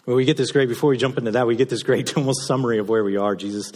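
A man pastor preaching a sermon, moving between loud impassioned passages and soft, low delivery. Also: very fast. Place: church sanctuary. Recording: reverberant hall sound.

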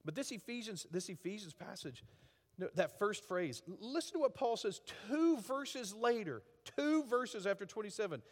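A middle-aged man preaching a conversational sermon as a pastor, with lively acted asides. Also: high voice, normal speed. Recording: long hall reverb.

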